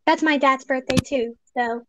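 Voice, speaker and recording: High-voiced young woman streamer, slow and giggly, on a dull lo-fi mic. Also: steady tone. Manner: giggly, reads questions aloud. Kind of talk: casual chat while typing. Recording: dull lo-fi mic with faint noise.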